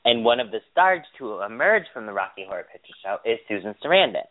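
A man's voice: fairly low pitch, very animated, fast. A man co-hosting a casual podcast chat, gossipy and blunt, swearing freely. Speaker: podcast co-host. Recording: tinny phone-like line.

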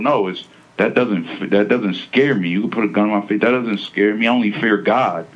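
A man's voice: on the low side, normal speed, highs cut off. A man being interviewed, talking casually and emphatically, with slang and many repeats. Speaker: interviewee, defendant. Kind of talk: casual interview over a phone line.

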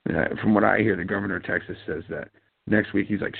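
A man's voice: lowish voice, steady tone, fast talker, gravelly, breathy edge. A man hosting a show, talking in a rambling, sardonic monologue with mumbled asides. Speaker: podcast host. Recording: tinny phone-like line, dry.

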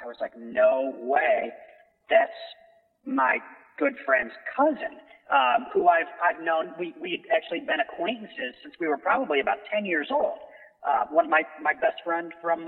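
A man's voice: fairly high pitch, in a large hall. Man on a tinny phone line. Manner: chatty, rambling with restarts. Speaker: caller. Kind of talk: casual phone interview.

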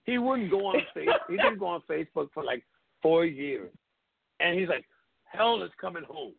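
A man hosting a call-in tribute show, telling stories in a casual, animated way, swearing often and acting out his friends' lines. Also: a little high, normal speed, gravelly, breathy edge, dry recording. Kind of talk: casual storytelling chat. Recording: phone-line audio with hiss.

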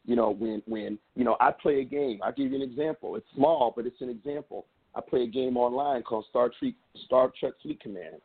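A man's voice: medium pitch, slightly rough. A middle-aged man, a podcast co-host, telling a story in casual chat with a passionate, emphatic manner. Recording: tinny phone-like sound.

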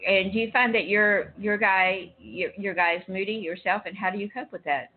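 A woman hosting a casual chat, telling lively stories and acting out dialogue with laughter. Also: medium pitch, moderate pace. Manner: animated storyteller, acts out dialogue with laughter. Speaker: host. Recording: tinny phone line.

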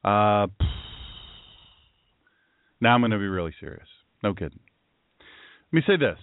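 A man from the US East Coast hosts a solo talk show, his pitch swooping up and down as he jokes with dry sarcasm. His throat sounds tired and sore. The sound is dry and narrow, as if over a phone line. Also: sing-song, moderate pace, long pauses, no echo. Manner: sarcastic and joking, with mock-serious asides. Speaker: pastor and show host. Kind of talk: solo talk-radio monologue.

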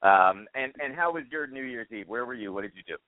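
Speaking fast in an expressive mid-range voice, this American man hosts a laid-back podcast chat by phone. He curses openly and tosses in wry comments, all heard through a dry, tinny phone line.

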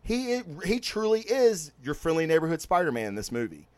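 Man, podcast host, excited, profane, rambling, animated pitch, fairly high voice, dry close mic. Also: brisk, no echo. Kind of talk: casual movie and comics review.

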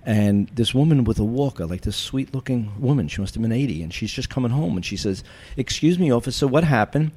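A retired police chief telling wry, deadpan stories from his career in an interview. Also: lowish voice, fairly quick, few pauses, slightly rough. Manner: wry, deadpan anecdotes with cop jargon. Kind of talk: storytelling in a podcast interview.

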